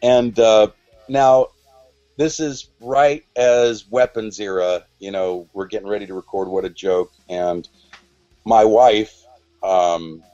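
A man's voice: fairly low pitch, slow pace, dark tone, lo-fi sound, faint music behind. A man in his forties telling a story on a podcast, rambling and restarting, acting out quoted lines. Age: 40s. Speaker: podcast guest. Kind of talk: casual storytelling.

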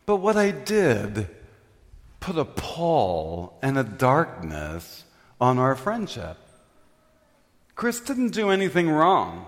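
A man's voice: medium pitch, huge pitch swings, slow, pauses often. An older man preaching in a humorous, self-mocking storytelling way, often laughing. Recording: reverberant hall.

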